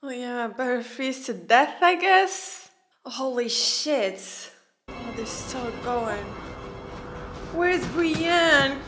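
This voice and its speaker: Excitable woman reacting to a show. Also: a little high, slow pace, over music. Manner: emotional, exclamatory, talks to the screen. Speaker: reaction video host. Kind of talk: live reaction commentary. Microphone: studio podcast mic.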